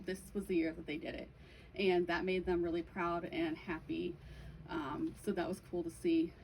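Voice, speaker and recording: A young adult woman with a mid-range voice gives a casual, chatty presentation to an audience in a bookstore event room, often saying "um" and "like." The low-quality recording has slight background noise.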